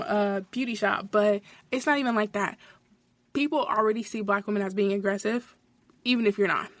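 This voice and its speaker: Young woman, podcast host, blunt, profane, lots of "like", casual rant, higher voice, dry sound. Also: fairly bright tone, dry recording. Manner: blunt and profane, heavy filler "like".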